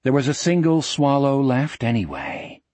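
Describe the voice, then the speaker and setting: A man narrating an audiobook in a measured, vivid storytelling manner. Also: mid-range voice, very animated, darkish tone, no echo.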